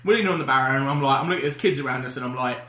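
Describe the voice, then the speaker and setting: A man's voice: mid-range voice, rapid-fire, pushed and bright. A man on a comedy podcast, rambling through a story with swearing and frequent laughter. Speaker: podcast co-host. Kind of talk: casual banter. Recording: echoey room.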